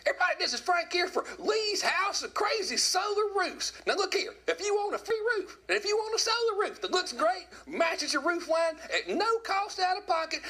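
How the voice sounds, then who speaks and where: A hollering South Georgia redneck pitchman. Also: bright, forceful tone, a little hiss or hum, exaggerated voice. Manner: hollering, folksy sales pitch. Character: loud Southern redneck car-lot pitchman.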